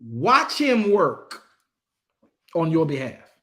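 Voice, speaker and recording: A man's voice: fairly high pitch, huge pitch swings, slow, fairly bright tone. A man preaching a sermon with passion and emphasis, talking to his congregation in a casual way and repeating words when he gets worked up. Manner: talks straight to the congregation in casual speech.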